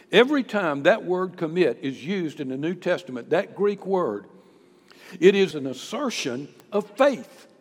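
A man preaching a sermon with impassioned delivery, dropping to a hush and then rising loud again. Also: on the high side. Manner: impassioned, swings between hushed and loud. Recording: echoey hall with long reverb.

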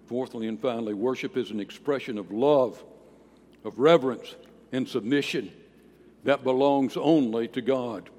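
Man preaching with emphatic swings. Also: darkish tone. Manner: emphatic, with swings in volume and pitch. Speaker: pastor. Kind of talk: sermon. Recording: long reverb of a large hall.

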